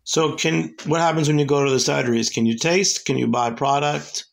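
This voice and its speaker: A male host with a gravelly, slightly high voice runs the conversation. He asks eager questions and trips over the first words as he starts them. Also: steady tone, moderate pace. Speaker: host, event organizer. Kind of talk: casual interview talk.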